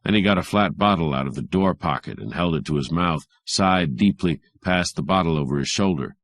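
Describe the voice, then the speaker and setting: Male audiobook narrator, very low voice, measured and even delivery. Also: dry recording, clean studio sound. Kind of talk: audiobook reading of hardboiled fiction.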